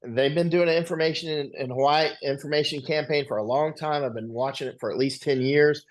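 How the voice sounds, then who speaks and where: A man's voice: a little high, brisk. A man, a guest on an interview show, telling stories in a rambling, conversational way and often checking in with "right?". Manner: rambling anecdotal, tag questions.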